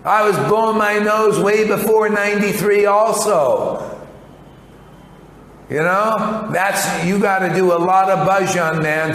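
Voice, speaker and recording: A man's voice: on the high side, fairly bright tone. A man in his later years giving a rambling, blunt devotional sermon and saying "man" often. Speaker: spiritual teacher. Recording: echoey hall with faint noise.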